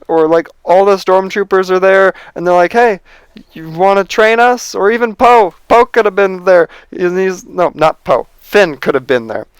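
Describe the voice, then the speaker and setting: A man's voice: sits high, smooth, no echo. A man giving an exasperated, profane ranting review of a film. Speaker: movie reviewer.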